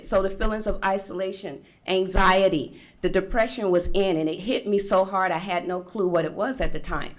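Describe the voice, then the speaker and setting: A woman's voice: mid-range voice, moderate pace. Middle-aged woman telling her story with animation. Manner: animated storyteller acting out past conversations. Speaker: forum speaker. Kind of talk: personal story told to an audience. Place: conference room.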